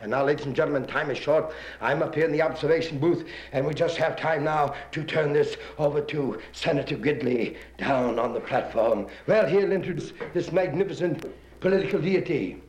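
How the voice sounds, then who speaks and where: A man doing breathless, excited mock radio commentary on a parade and rally. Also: fairly high pitch, moderate pace, echoey room. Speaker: comic radio announcer.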